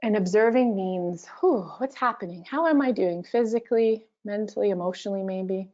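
Gentle woman guiding mindfulness, lo-fi sound. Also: medium pitch, normal speed. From Canada. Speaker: workshop facilitator. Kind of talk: online workshop presentation.

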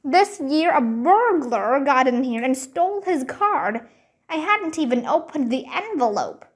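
A gloomy, subdued boy from a children's storybook, voiced by a woman reading aloud. He talks in a high, unhurried way. His tone stays low-key and troubled. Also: very animated. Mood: worried. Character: boy Lucky, worried older brother.

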